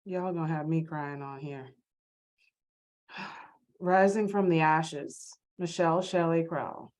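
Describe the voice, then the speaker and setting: A woman hosting a virtual book talk on a video call, effusive and quick to laugh. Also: deep voice, steady tone, a little mellow. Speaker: host.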